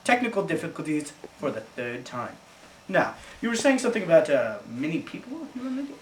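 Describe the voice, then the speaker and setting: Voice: mid-range voice, very animated, fairly quick, lightly acted. Performer as a flustered mock news anchor. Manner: flustered, apologizing for technical trouble. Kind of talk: mock newscast. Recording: distant roomy home video, faint hiss.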